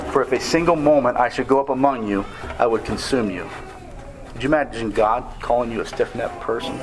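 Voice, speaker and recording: A man preaching a sermon on a scripture passage, earnest and measured, slowing down to stress key words. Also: mid-range voice, low-quality recording.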